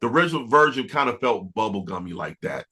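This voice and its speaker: A man, a music producer, telling stories in a relaxed interview, often restarting and filling with "you know". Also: medium pitch, fast talker. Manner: relaxed, reflective, many fillers and restarts. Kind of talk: casual interview storytelling.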